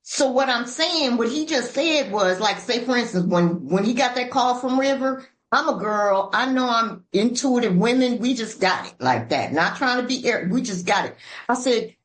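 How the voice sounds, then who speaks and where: Woman from Georgia, recovery podcast co-host, folksy, emphatic, fairly high voice, echoey room. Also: moderate pace. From Georgia, USA. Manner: animated, folksy, emphatic with repeated "bam". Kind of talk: heartfelt conversational sharing.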